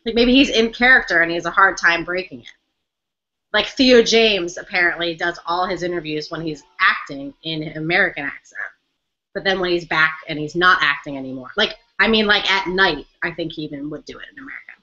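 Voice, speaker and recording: A woman's voice: fairly low pitch, brisk, pushed and bright. A young woman co-hosting a casual live-stream fan chat, chatty and giggly, easily distracted. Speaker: co-host of a fan chat show. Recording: dull lo-fi webcam audio.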